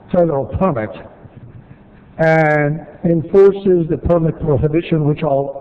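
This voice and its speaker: A man from city staff presenting at a council meeting, explaining rules step by step with repeated points and dry asides. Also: a little high. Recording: tinny, phone-like archive audio.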